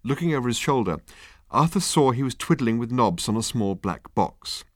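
A man reading an audiobook in a wry, measured storytelling voice. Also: medium pitch, sing-song, no echo. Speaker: audiobook narrator. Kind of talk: scripted narration.

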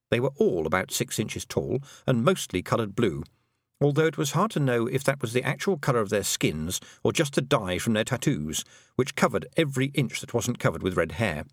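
A man narrating an audiobook in an expressive, lively reading style. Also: medium pitch, no room sound, studio quality. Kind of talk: storybook narration.

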